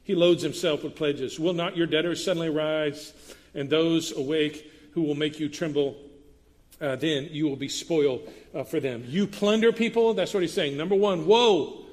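Male pastor, slightly high voice, conversational sermon with emphatic bursts, long hall reverb. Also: moderate pace.

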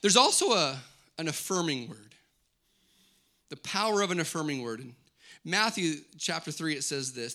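A man's voice: on the high side, expressive, moderate pace, gravelly, sharp tone. A middle-aged man preaching a sermon, declaring scripture lines with rising intensity and then teaching in a conversational way. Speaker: pastor.

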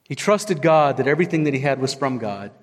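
A man, probably in his thirties, preaching a sermon as pastor, telling personal stories in a conversational way with big swings between loud, high moments and low, quiet ones. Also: expressive, brisk, big-room sound. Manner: conversational storytelling with wide swings in pitch.

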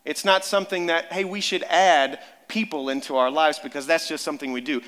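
A man in his thirties preaching a sermon, telling stories in an animated way and rising to loud emphasis. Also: medium pitch, fairly quick, few pauses. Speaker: pastor. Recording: long reverb of a large hall.

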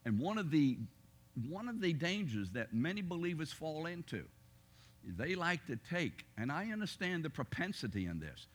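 A man's voice: fairly high pitch, very animated, moderate pace. A middle-aged man teaching a Bible class, talking conversationally and emphatically, asking his listeners rhetorical questions.

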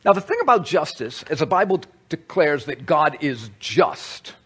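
A man's voice: fairly high pitch, very animated, normal speed, fairly bright tone, husky. A man preaching a conversational sermon, teaching with asides to the audience. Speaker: pastor.

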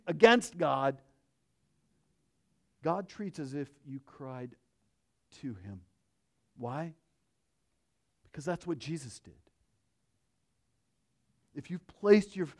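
High-voiced man giving a slow sermon. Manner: earnest, swings from hushed to emphatic. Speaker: pastor.

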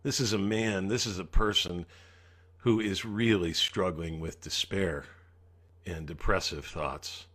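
A man's voice: low voice, measured pace, fairly bright tone. A man preaching a sermon as pastor, earnestly acting out the psalmist's pleas.

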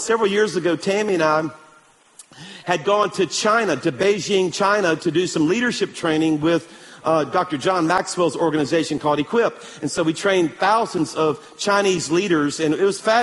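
A male pastor preaching a sermon in a church, telling stories with animated energy and calling for amens. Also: high voice, big-room sound. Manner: animated storytelling, calls for amen.

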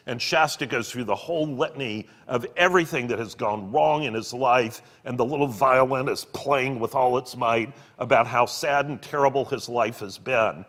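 A man reading book passages aloud and explaining them in an earnest, expressive way, with occasional fillers. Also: medium pitch. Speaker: podcast co-host discussing a book. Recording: long reverb on the voice.

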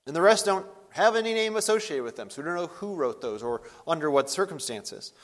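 Man preaching in a reverberant hall. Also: lively intonation. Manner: earnest, rises in pitch and volume for emphasis, slows on scripture. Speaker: pastor. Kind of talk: sermon.

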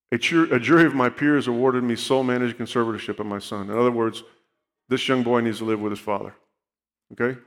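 A man at middle pitch telling a personal testimony from a church stage. He speaks earnestly and keeps checking in with his listeners. A long reverb from the big hall hangs on his words. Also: fairly bright tone. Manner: earnest storytelling, checks in with "okay?". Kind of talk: sermon testimony.

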